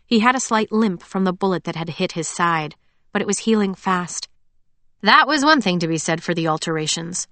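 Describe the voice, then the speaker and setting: Calm woman audiobook narrator. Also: fairly low pitch, dry recording. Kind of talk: scripted narration.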